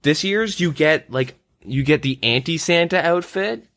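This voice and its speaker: A young Canadian man's voice, on the high side, carries a relaxed gaming podcast at a measured pace. As host, he chats loosely and uses lots of fillers like "like" and "um." No room sound comes through, and the audio is studio quality.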